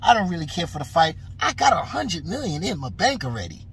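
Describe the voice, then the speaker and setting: A man's voice: fairly high pitch, very animated, fairly quick, fairly bright tone, husky, pitched below the performer's own voice, exaggerated voice. A man mimicking a smug, dismissive star boxer. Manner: dismissive, offhand.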